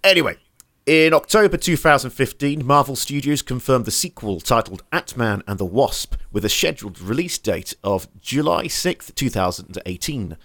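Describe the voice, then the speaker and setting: Chatty male film podcaster. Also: mid-range voice. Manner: animated, laughs often, halting restarts. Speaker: podcast co-host. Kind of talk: casual film podcast chat, reading notes aloud.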